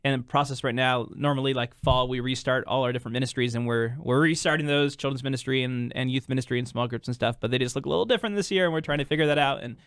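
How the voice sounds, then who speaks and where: A man who is a pastor, a guest on a Christian radio talk show, explaining in a conversational way with halting restarts. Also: medium pitch, fairly bright tone, clean tone, dry recording, studio quality.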